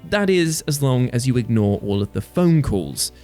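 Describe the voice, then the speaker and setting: A man hosting a comedic gaming list video, jokey and animated, with a warm, earnest sign-off. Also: mid-range voice, moderate pace, faint music behind. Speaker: host.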